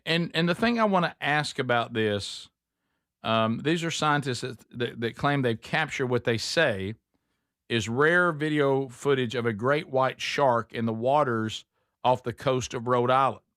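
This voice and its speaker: A man's voice: mid-range voice, measured pace, a bit bright, dry recording, clean studio sound. A man hosting a talk show, chatting casually and folksily with his co-hosts, full of "uh" and "um". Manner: folksy, filler-heavy, calls co-hosts by name. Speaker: radio show host. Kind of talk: casual morning show banter.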